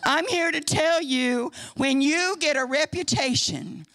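A woman's voice: high-pitched, a little slow, a bit bright. An older woman with a Midwestern American accent, preaching in a church in a folksy, emphatic way. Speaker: church speaker. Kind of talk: sermon. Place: church sanctuary.

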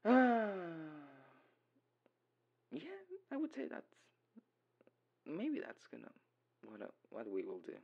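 A young man rambles through a casual voicemail role-play, giggling at his own jokes as a dorky boyfriend. His unhurried delivery swings widely in pitch. The recording sounds dull and lo-fi. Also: wildly swooping pitch, gravelly, slightly rough.

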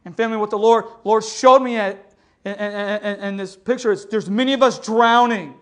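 High-voiced man preaching passionately. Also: steady tone, moderate pace. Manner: impassioned preaching, swinging from loud exhortation to hushed storytelling; calls listeners "family" and keeps asking "amen?". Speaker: pastor. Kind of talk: sermon. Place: church sanctuary.

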